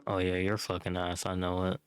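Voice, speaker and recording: Low voiced streamer dude, swears a ton, taunting, dry close sound. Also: male voice, completely flat delivery, a little fast, smooth, no room sound. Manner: crude, taunting, heavy swearing. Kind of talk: casual trash talk.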